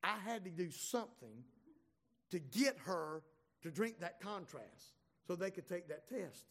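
A man's voice: high voice, expressive, measured pace, fairly bright tone, heavily acted. A man voicing his wife, a firm, protective middle-aged mother who talks bluntly and insistently.

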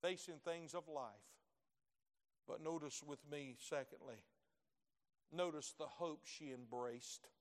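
A man's voice: takes it slowly, pauses often. Preaching man in a reverberant hall. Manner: swells from low asides to loud shouted peaks, folksy storytelling. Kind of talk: sermon.

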